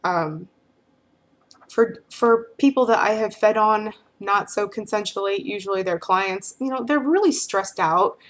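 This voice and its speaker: A woman's voice: mid-range voice, normal speed, few pauses. Frank, rambling woman vlogger. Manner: rambling, frank, with frequent filler phrases. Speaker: vlogger answering questions. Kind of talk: casual talk to camera.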